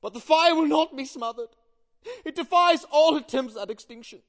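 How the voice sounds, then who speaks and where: A woman playing a timid, lovesick comic man in an operetta, pleading floridly and singing a slow doleful song. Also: high-pitched, natural voice. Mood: ardent. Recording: long hall reverb, guitar accompaniment.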